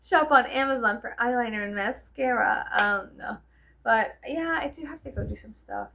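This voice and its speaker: A woman's voice: on the high side, normal speed, gravelly, bright, forceful tone, a little hiss or hum. A young woman with a Southern US accent, chatting casually to camera at home, rambling, swearing, and slipping into whispers. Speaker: vlogger.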